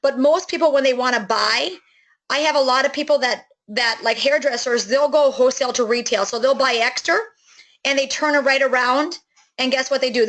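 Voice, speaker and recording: A middle-aged woman with a high voice walks a prospect through a network marketing plan. She talks enthusiastically and casually, with frequent fillers and self-corrections. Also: fairly bright tone, poor audio. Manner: enthusiastic, chatty, many fillers and restarts. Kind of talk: sales pitch on a call.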